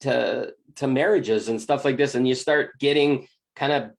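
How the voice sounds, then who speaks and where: Spiritual teacher doing a motivational talk, animated, acts out voices w/ little gasps, mid pitch. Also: a little slow, vocal fry.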